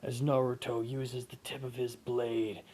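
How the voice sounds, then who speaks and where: A man's voice: medium pitch, level tone, measured pace, darkish tone, slight background noise. A man casually telling an improvised adventure story and correcting himself as he goes. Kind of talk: improvised fan-fiction storytelling.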